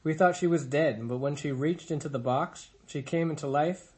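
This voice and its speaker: A man's voice: fairly high pitch, moderate pace, darkish tone, close to an everyday voice. A man voicing a big, chatty female otter in a storybook reading, cheerful and talkative.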